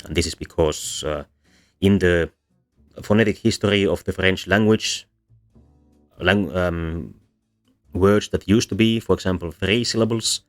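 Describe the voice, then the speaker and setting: Low-voiced man giving a hesitant lecture. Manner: hesitant, many ums and restarts. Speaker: VTuber lecturer on linguistics. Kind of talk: casual explanatory lecture. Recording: soft background music under voice.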